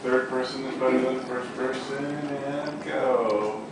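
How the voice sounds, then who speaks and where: A man's voice: medium pitch, flat delivery, measured pace, noisy background. A man coaching an improv class, prompting and correcting the students. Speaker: acting coach. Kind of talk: leading an improv exercise. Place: acting studio classroom. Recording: echoey room from far off.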